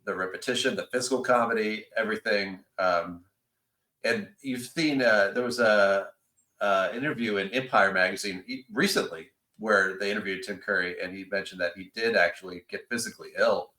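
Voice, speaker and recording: A man hosting a podcast, talking in an animated, enthusiastic way. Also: fairly low pitch, normal speed, poor audio. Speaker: podcast host. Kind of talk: casual chat.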